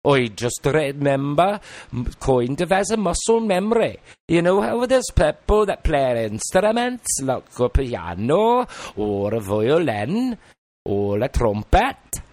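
Welsh-accented yarn-spinner, a man putting on a dialect, raised pitch, sing-song delivery, dry recording. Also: slow, dry recording. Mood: animated. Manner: animated, sing-song storytelling with dialect words. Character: chatty Welsh-accented man telling a story.

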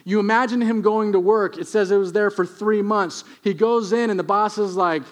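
A middle-aged male pastor with a high, light voice delivers a storytelling sermon. He mixes humor into his retelling and keeps an animated, conversational manner. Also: moderate pace.

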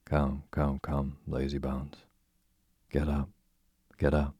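A man's voice: rumbling low, completely flat delivery, takes it slowly, warm tone, breathy edge, dry recording, studio quality, exaggerated voice. A man reading as a boy playing a stern father. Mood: brisk. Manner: mock-stern, clipped.

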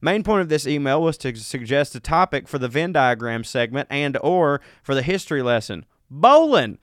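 A man's voice: medium pitch, expressive, normal speed, dry recording, studio quality. A man with a Southern US accent, co-hosting a comedy podcast in a casual, joking, folksy way as he reads listener emails aloud. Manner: joking, folksy, self-mocking.

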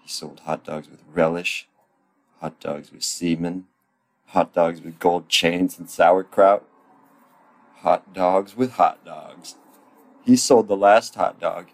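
A man reading a children's storybook aloud as a parody, deadpan and full of crude ad-libs. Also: low voice, takes it slowly, vocal fry. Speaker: comic reader.

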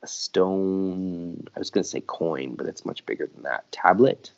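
Deep gravelly man, slow and lively. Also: muffled recording. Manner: animated, laughs often, puts on voices for characters. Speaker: podcast co-host reading a comic aloud. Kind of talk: casual chat, reading comic dialogue.

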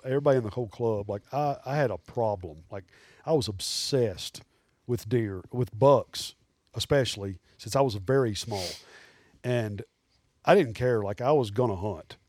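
A man, telling animated, rambling hunting stories as a podcast guest. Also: lowish voice, normal speed, no room sound, studio quality. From Alabama. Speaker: guest taxidermist. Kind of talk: casual storytelling in a podcast interview.

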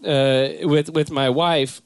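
A man's voice: fairly high pitch, takes it slowly, clear, resonant tone, no echo. A young man from Southern California hosting a casual comedy podcast, rambling and slipping into silly impressions. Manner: rambling, animated, slips into silly put-on voices. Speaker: podcast host.

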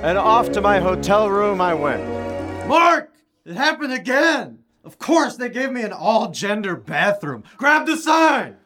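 A brash young cartoon reporter, as a man acts him out, with a very high, yelling, bossy voice. He is self-absorbed and barks orders. Music plays clearly behind him. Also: very animated, unhurried, hardly any pauses, full character voice. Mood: smug. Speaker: field reporter. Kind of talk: cartoon voice acting.

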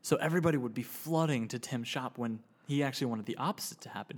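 Deadpan male co-host rambling through an improvised tale, mid pitch. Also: fast, few pauses. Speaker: co-host, storyteller. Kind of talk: improvised storytelling.

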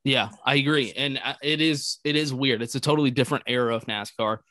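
A man's voice: medium pitch, brisk, bright, forceful tone, no room sound, clean studio sound. Laid-back man co-hosting a podcast. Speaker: podcast co-host. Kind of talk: casual chat.

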